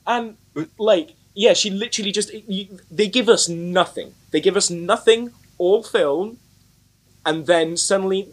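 A man's voice: high-pitched, a little slow. Rambling, filler-heavy young man. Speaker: podcast co-host. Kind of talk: casual film-review chat.

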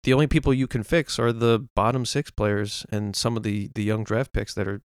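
A man's voice: on the low side, fairly even intonation, a little fast, clean tone, no echo, clean studio sound. A man co-hosting a casual sports podcast, ranting with frustration and restarting his sentences. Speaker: podcast co-host.

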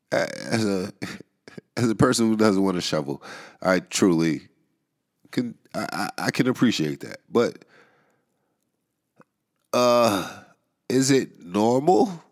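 Congested, rambling deep-voiced man. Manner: rambling, wry, laughing between thoughts. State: congested, nasal from a cold. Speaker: podcast host. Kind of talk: casual monologue. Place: New York area.

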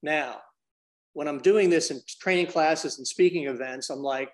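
A man's voice: fairly high pitch, moderate pace. A man as a podcast guest, explaining business ideas energetically and acting out little dialogues. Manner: energetic, acts out dialogues in different voices; addresses the host by name often. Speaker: business consultant and trainer.

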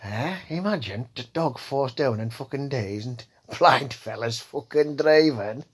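A man rambles through a comedy podcast monologue, swearing nonstop and ending lines with "eh?". His voice is husky and slightly rough, sitting at an ordinary pitch for a man. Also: animated, measured pace. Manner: rambling, crude, swears constantly, tags lines with "eh?". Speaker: podcast host.

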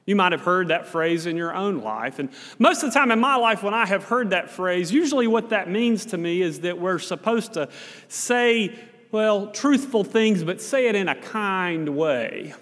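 A man's voice: sits high, expressive, normal speed, a bit bright. A male pastor, preaching a sermon in a folksy, conversational storytelling way. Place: church sanctuary. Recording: long reverb of a church hall.

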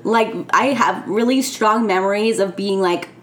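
A woman with a raspy voice, co-hosting a casual podcast and giggling through a filler-heavy chat. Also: mid-range voice, unhurried. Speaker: podcast co-host.

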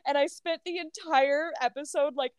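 Woman podcast co-host, high bright-sounding register, dry close sound, breathless gossipy storytelling. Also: moderate pace, no room sound. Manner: animated storytelling, heavy filler "like", swears freely. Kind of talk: casual gossip chat.

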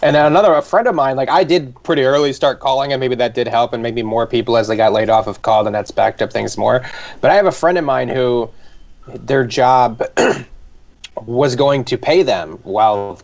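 A man co-hosting a comedy podcast in casual chat, relaxed and rambling with lots of filler words. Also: mid-range voice, moderate pace. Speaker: podcast co-host. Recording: dull lo-fi sound.

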